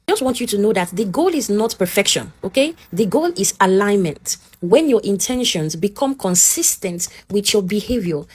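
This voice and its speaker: Lively woman giving advice. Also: medium pitch. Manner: lively, teacherly, often asks "okay?" and acts out both sides. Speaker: advice talk host. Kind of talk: casual advice talk.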